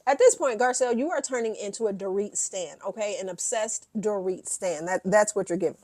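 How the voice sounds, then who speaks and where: A woman's voice: medium pitch, fairly quick, darkish tone, no echo, studio quality. A woman recapping a reality show in a brash, sassy way. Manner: brash and sassy, quoting the cast in bursts.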